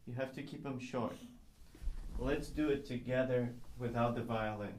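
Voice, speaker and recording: A man's voice: medium pitch, steady tone, normal speed, a little mellow. A man teaching a child violin one-on-one, patiently explaining and singing the bowing rhythms aloud. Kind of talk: one-on-one music lesson. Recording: echoey room with faint noise.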